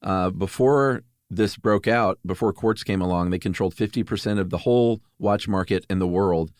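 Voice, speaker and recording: Deep-voiced easygoing male podcast host. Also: moderate pace, no room sound, clean studio sound. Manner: easygoing, chuckling, fillers. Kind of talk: casual chat.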